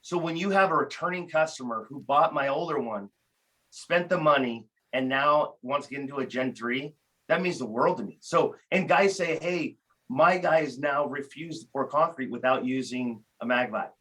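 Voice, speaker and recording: A man talking casually as a podcast guest, telling animated stories with frequent restarts. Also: mid-range voice, moderate pace, rough recording. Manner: animated storyteller, many restarts. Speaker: guest, tool company founder.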